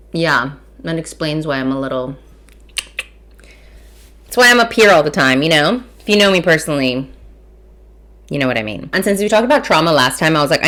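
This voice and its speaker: A woman's voice: low voice, sharp tone. A woman in her thirties from Texas hosting a casual food and wine podcast, chatty, self-mocking and swearing freely while she eats. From Mission, Texas. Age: 30s. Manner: eating and tasting while talking. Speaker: podcast host.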